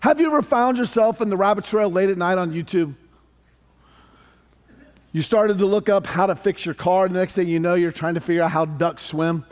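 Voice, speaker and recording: A man preaching a sermon as pastor, animated and conversational with touches of humor. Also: high-pitched, brisk. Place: church sanctuary.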